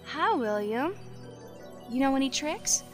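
A woman's voice: high-pitched, sing-song, takes it slowly, soft background music, exaggerated voice. A young woman playing a polite door-to-door church missionary in an audio drama. She speaks with courtesy and says ma'am often. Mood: friendly.

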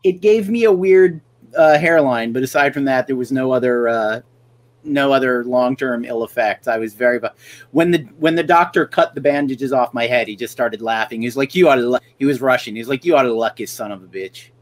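A middle-aged man with a mid-range voice, speaking a little fast, hosts a podcast. In casual chat he tells wry stories, acting out the lines of people he quotes.

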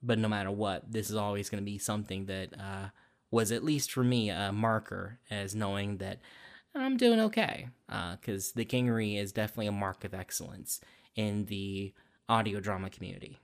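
A man's voice: on the low side, level tone, brisk. A man who voices a role in an audio drama, giving a casual recorded testimonial. He talks with enthusiasm, rambling with many fillers.

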